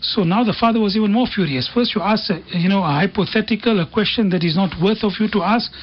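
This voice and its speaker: A man's voice: high voice, quick pace. A man speaking as a radio guest, telling stories and quoting Arabic sayings in an earnest talk on faith and family. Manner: earnest storytelling with Arabic quotations. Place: radio studio. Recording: dull dry radio studio sound.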